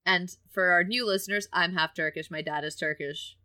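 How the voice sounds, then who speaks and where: Bright, crisp-voiced woman in her thirties. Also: fairly low pitch, normal speed. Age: 30s. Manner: candid, animated, laughs while telling stories. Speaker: podcast co-host. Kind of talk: casual film-review chat.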